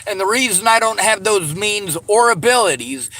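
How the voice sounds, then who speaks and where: Brief: frustrated male vlogger, ranting, slightly high voice. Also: lively intonation, normal speed, pushed and bright, low-quality recording. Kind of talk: venting commentary.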